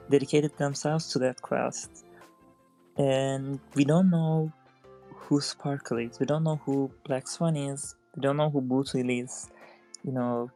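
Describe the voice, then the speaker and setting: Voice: mid-range voice, darkish tone. Hesitant podcast co-host with faint music. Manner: hesitant, restarts often, says "you know" a lot. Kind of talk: casual chat.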